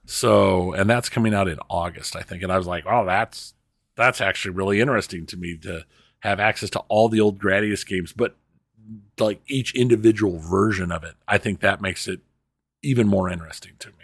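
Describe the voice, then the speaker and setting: A man's voice: low-pitched, brisk, creaky, dry recording. A man co-hosting a casual gaming podcast, giving news with wry, dry asides. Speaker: podcast co-host.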